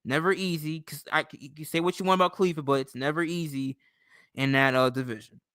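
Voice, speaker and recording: A man's voice: on the high side, steady tone, fast, pushed and bright, no room sound, clean studio sound. A young man hosting his own sports channel, ranting casually with lots of swearing, often tagging "bro" and "okay". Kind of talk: casual profane sports rant.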